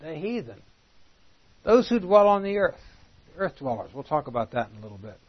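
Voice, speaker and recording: A man's voice: fairly high pitch, very animated, brisk, breathy edge. A man teaching a Bible study class, reading scripture aloud in old-fashioned wording and explaining it, growing emphatic on the quoted verses. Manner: reads scripture aloud in King James wording, then explains; emphatic, rising on quoted lines. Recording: dull, lo-fi classroom recording.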